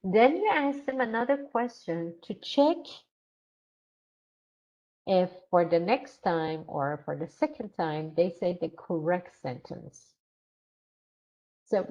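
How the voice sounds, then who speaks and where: A woman runs a grammar teaching workshop at a slow, unhurried pace, often repeating her phrases. She acts out short teacher and student exchanges as examples. The recording sounds dull and lo-fi. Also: lowish voice, lively intonation, dark tone. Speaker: ESL teacher trainer.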